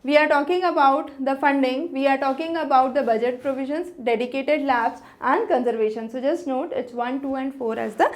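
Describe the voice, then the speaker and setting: A woman's voice: high voice, moderate pace, hardly any pauses. A woman tutor explaining exam answers in a methodical way, with an Indian English accent, going through each question step by step.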